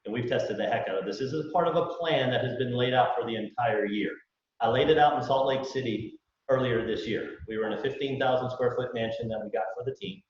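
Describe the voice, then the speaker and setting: A man gives a live sales pitch to a room of recruits, folksy and full of rhetorical questions, acting out little dialogues. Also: brisk. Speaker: business owner presenting to recruits. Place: large event room with live audience. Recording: echoey hall, distant mic, dull lo-fi.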